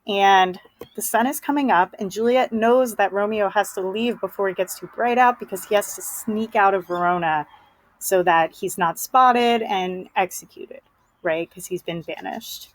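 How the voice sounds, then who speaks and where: A woman's voice: medium pitch, normal speed, no room sound, rough recording. A woman teacher giving a casual, chatty lesson summary, full of fillers.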